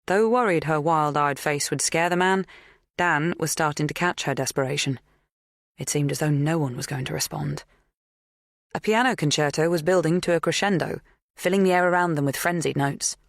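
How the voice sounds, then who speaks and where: A woman narrating a suspense audiobook in a measured, even reading. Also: sits low, creaky, no room sound, clean studio sound. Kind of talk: scripted narration.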